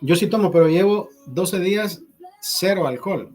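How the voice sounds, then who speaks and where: A man's voice: fairly high pitch, lively intonation, brisk, a little mellow, slightly rough. A man from Honduras hosting a casual livestream, ranting with heavy profanity and switching between English and Spanish. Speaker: livestream host. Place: Los Angeles, California.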